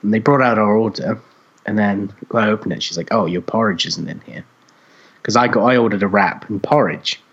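A man co-hosting a podcast, telling a story in casual chat, animated and swearing freely as he acts out other people's voices. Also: lowish voice, a little fast, breathy edge, highs cut off. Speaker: podcast co-host.

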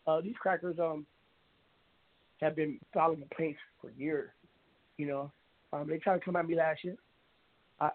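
A man with a fairly high, husky voice hosts an internet radio talk show, delivering a blunt, meandering monologue full of restarts and fillers. The audio is narrow and phone-like, with no echo.

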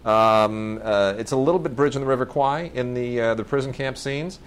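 A man's voice: medium pitch, normal speed, clear, resonant tone. Enthusiastic rambling man reviewing films. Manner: enthusiastic, rambling, often restarts and self-corrects. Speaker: film review co-host. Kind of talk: casual movie review chat.

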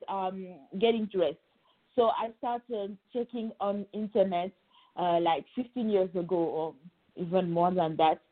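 A woman from Senegal whose first language is French, a guest in a podcast interview. She answers with many ums and repeated words. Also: medium pitch. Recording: tinny phone-like line.

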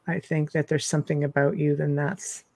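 A reflective, chatty host with a mid-pitched voice muses and asks questions, laughing easily. The sound is dry and close, with no room echo. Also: level tone, normal speed, creaky, a little mellow. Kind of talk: interview, casual chat.

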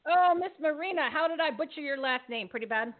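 A woman hosting a live show in an energetic, emphatic way, rallying her audience. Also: sits high, fairly quick. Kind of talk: casual live show talk. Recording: tinny phone-like line.

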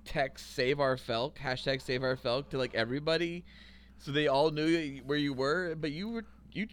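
A young man co-hosts a casual podcast, answering his friend's story with quick jokes and easy laughter. His voice is on the higher side and swings around a lot in pitch. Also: fairly bright tone, clear, resonant tone. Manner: quick joking reactions, laughs easily. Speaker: podcast co-host. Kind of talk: casual chat.

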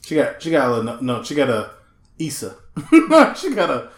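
A man's voice: medium pitch, moderate pace. A man co-hosting a casual comedic podcast, telling stories and acting out what people said, swearing and laughing a lot. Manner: animated storyteller, acts out quotes, swears, laughs often. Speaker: podcast co-host. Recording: echoey room.

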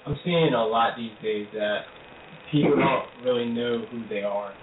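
Male guest, measured and reflective; roomy, tinny phone audio with light hiss. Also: mid-range voice. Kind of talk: casual talk radio chat. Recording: echoey phone line with faint hiss.

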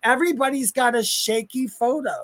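A man co-hosting a live chat show about the paranormal, talking casually with hesitant restarts and quick laughs. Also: very high voice, fairly bright tone. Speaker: co-host.

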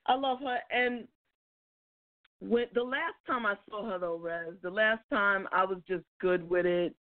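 A woman co-hosting a talk show, telling a story in a casual, animated, self-mocking way and laughing often. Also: mid-range voice, unhurried, narrow, tinny audio. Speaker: co-host.

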